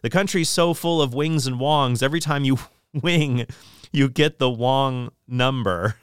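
A man voicing a fussy male official who delivers quick, pun-heavy advice. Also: mid-range voice, clear, resonant tone, no room sound, clean studio sound, natural voice. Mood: wry.

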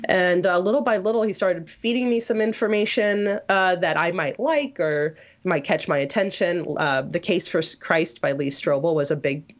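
A woman's voice: on the low side, moderate pace. Rambling woman on dull lo-fi audio. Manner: rambling, with many restarts and fillers. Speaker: guest telling her conversion story. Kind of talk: casual interview talk.

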